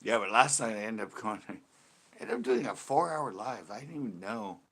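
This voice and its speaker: A man's voice: fairly low pitch, lively intonation, moderate pace, fairly bright tone, slightly rough. A man hosting a fishing channel, chatting casually on a live stream, rambling and joking and slipping into put-on accents.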